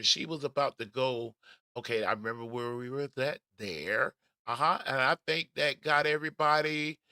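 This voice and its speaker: A man hosting a casual commentary livestream, talking in an animated, emphatic way with frequent stammers and restarts. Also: on the high side, no room sound, studio quality. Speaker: host.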